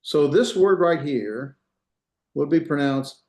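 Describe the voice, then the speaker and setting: A man's voice: on the high side, expressive, takes it slowly, darkish tone, roomy sound. A man teaching an online language class, explaining patiently step by step and repeating words so students can hear them. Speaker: Hebrew instructor. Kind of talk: online lecture. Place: room, on a video call. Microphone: video call.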